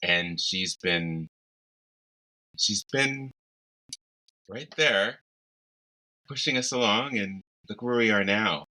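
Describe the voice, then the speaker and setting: A man co-hosting a casual podcast chat, playful and quick to laugh. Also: lowish voice, poor audio. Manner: laughs often, animated and playful. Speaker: podcast co-host.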